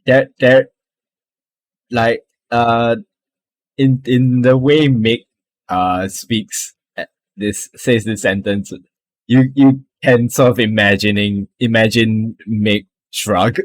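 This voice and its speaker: A man narrating as game master of a tabletop game, halting and laughing often. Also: medium pitch, steady tone, dry recording.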